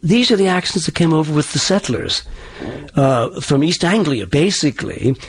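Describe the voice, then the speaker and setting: A man's voice: a little high, animated, normal speed, slightly rough. A man working as a dialect coach, explaining in an interview with frequent restarts. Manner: hesitant, many restarts.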